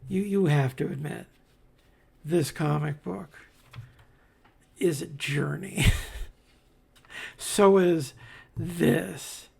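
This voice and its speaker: A man with a gravelly, somewhat husky voice talks slowly through a stack of new comics. His delivery rambles, with wry asides and plenty of fillers, sitting a little high in pitch. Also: darkish tone. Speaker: comics reviewer. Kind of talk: casual commentary while paging through comics.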